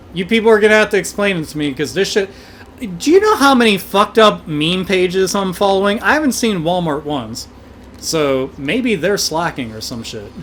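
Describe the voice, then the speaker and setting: A man streaming a game with a high, bright voice that keeps an edge to it. He rants, swears freely and jokes his way through the play. Faint background noise runs under his speech. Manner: profane, excitable, joking. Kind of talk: livestream game commentary.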